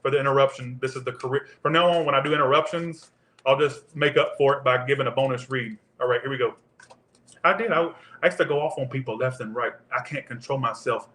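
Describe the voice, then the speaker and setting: A man's voice: medium pitch, fast talker, a bit bright, roomy sound. A man giving a casual tarot reading, rambling off into profane tangents. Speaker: tarot reader.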